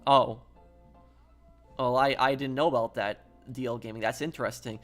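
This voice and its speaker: A man's voice: mid-range voice, fairly even intonation, normal speed, fairly bright tone, faint music behind. Rambling male streamer chatting casually. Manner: rambling, repeats himself, chatty. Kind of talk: casual live-stream chat while gaming.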